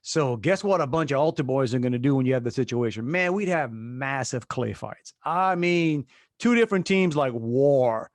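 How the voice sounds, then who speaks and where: A man in his fifties from Louisiana, co-hosting a casual chat and telling animated stories. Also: medium pitch, normal speed, no echo. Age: 50s. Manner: animated storyteller, acts out voices. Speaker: podcast co-host.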